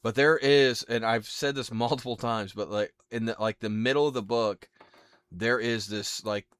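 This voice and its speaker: A male podcast host in easygoing, rambling casual chat, quick to laugh. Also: medium pitch, fairly even intonation, fairly bright tone, clean tone.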